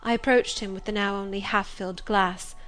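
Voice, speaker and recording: Woman reading a story, measured. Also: mid-range voice, fairly even intonation, fairly bright tone. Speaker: audiobook reader. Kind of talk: scripted narration.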